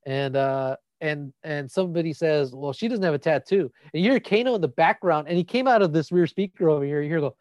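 A man's voice: fairly high pitch, a little fast, hardly any pauses, darkish tone, no room sound. A man co-hosting a casual podcast chat, laid-back, laughing often and swearing casually. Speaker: podcast co-host.

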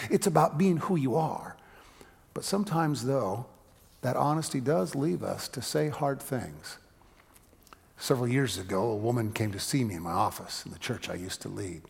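Man, pastor, preaching, gravelly, husky, long hall reverb. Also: medium pitch, expressive, normal speed. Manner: conversational preaching, voice rising for emphasis, dropping to a hush for stories. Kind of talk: sermon.

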